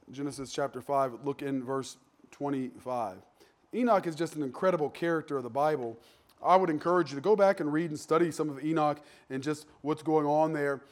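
Animated, slightly high-voiced male preacher. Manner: animated, with sudden jumps in pitch and loudness; conversational, joking asides. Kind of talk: sermon.

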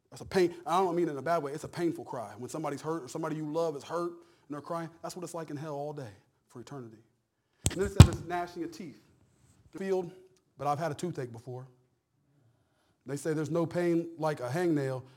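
A middle-aged man preaching a sermon as pastor, in a folksy, conversational way, repeating phrases and swinging between hushed and loud. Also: a little high.

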